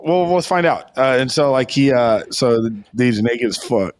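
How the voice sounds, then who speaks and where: A man's voice: mid-range voice, expressive, moderate pace. A young man co-hosting a podcast, telling a long story in a rambling, profane way and insisting it's true. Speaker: podcast co-host. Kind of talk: casual storytelling.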